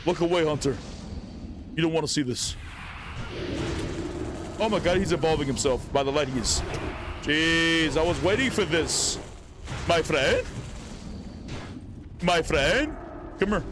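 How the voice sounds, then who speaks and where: A man streaming an online game, excitedly teasing and talking to the characters on screen. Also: a little high, normal speed, long pauses, background noise. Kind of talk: casual gameplay commentary.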